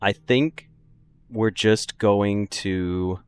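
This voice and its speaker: A man's voice: fairly low pitch, fairly even intonation, very slow, clear, resonant tone. A young man casually commenting on his game for a live stream, joking, laughing and answering chat. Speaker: gaming streamer. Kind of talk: casual let's-play commentary.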